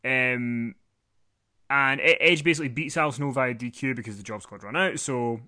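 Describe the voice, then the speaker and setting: A man's voice: medium pitch, moderate pace, bright, forceful tone. A man co-hosting a casual recap podcast, rambling and joking with plenty of fillers. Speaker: podcast co-host. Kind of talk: casual chat recapping wrestling.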